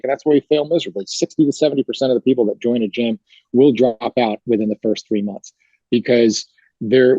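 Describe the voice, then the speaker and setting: Man with a dark, mellow voice. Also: medium pitch, no room sound, lo-fi sound. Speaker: fitness coach. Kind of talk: interview answers, explaining. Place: gym.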